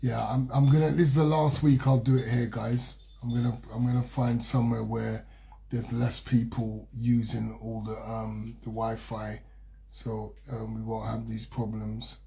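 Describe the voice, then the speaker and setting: A man's voice: medium pitch, little pitch movement, measured pace, vocal fry. A middle-aged man, hosting a casual live-stream chat and greeting viewers as they join. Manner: chatty, laughs easily, warm greetings to viewers. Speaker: host. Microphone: phone or computer on a live video.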